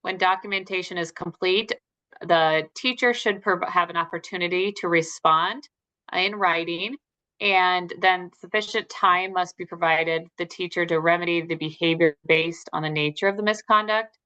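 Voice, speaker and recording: Bright-voiced woman explaining in plain terms. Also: on the low side, fairly even intonation, moderate pace. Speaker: student presenter. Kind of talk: reading a class presentation.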